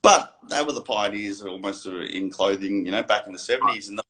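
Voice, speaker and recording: A man, a guest on a live video chat, talking in a relaxed, reminiscing way. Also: lowish voice, a little fast. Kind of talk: casual live-stream chat.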